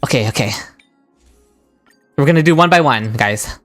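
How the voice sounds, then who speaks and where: A woman streaming a game into a desk microphone, talking to her chat in a low voice. Her pitch swings wildly, and she breaks into shrieks and laughter when a roll goes her way. Quiet music plays under her. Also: normal speed. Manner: excitable, shrieks and laughs at lucky rolls; chats with viewers in chat. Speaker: gaming streamer. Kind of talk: live-stream gaming commentary.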